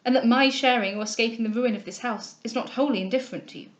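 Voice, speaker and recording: A woman reading a novel aloud, voicing an anxious, earnest young gentleman who pleads with the heroine. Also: a little high, quick pace, muffled recording, natural voice. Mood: pleading. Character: ardent, humble young gentleman suitor, anxious. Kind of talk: audiobook character reading.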